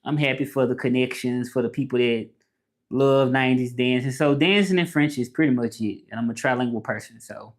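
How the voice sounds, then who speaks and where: A young Southern man talks loosely to his live-stream chat. His speech is relaxed and casual, with a mid-range voice. He greets viewers by name and slips in short French phrases that he then translates. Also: mid-range voice, brisk. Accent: Southern American. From American South. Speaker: vlogger live-streaming to followers.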